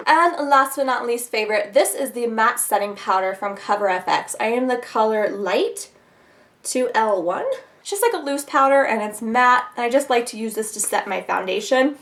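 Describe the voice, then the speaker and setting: A woman's voice: fairly high pitch, fairly bright tone. Chatty, giggly woman beauty vlogger. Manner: chatty, giggly, with many fillers. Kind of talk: casual product review to camera.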